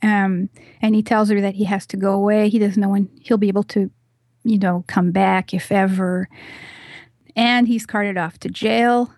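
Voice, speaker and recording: A woman appearing as a podcast guest chats casually, retelling a film scene in lively detail and sprinkling in plenty of "you know." Her voice is mid-range at a normal pace, and the recording is dry.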